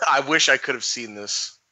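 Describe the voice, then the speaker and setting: A man's voice: mid-range voice, unhurried, sharp tone, dry recording, low-quality recording. A man co-hosting a casual comedy podcast, laughing often and swearing crudely. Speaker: podcast co-host.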